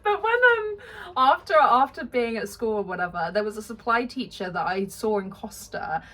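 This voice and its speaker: A woman's voice: medium pitch, lively intonation, normal speed, a bit bright, slight background noise. A woman co-hosting a podcast in casual chat, giggling often as she tells her stories. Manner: giggly, laughs often while talking. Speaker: podcast co-host.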